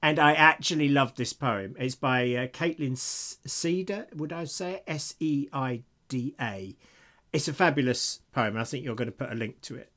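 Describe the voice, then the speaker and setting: A man's voice: medium pitch, moderate pace, fairly bright tone. A middle-aged British man co-hosting a podcast in casual chat, who laughs often and reads listener emails aloud. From Britain. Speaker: podcast co-host.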